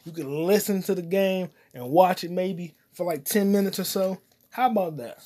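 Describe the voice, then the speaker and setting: A man hosting his own solo comedy podcast, cursing often and rambling while he eats popcorn, his voice swinging between loud outbursts and mutters. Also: moderate pace. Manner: profane, loud swings in volume and pitch; eating popcorn while talking. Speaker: podcast host.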